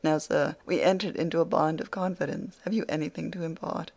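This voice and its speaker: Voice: medium pitch, steady tone, a little fast, vocal fry, a little mellow. An audiobook reader voicing a spirited, teasing young woman who scolds her father playfully.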